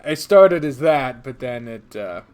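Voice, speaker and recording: A man's voice: mid-range voice, very animated, measured pace, crowd noise. A man hosting a let's play, chatting casually, often laughing, swearing and restarting his sentences. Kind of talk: casual chat.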